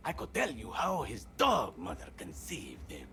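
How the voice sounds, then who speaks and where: A man's voice: huge pitch swings, measured pace, sharp tone, a little hiss or hum, full character voice. A man putting on Dr. Gonza, an unhinged paranoid doctor. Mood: sneering. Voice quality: erratic put-on accent. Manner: sneering, swinging between high shrill and deep growl. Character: paranoid unhinged middle-aged male doctor, menacing, crude.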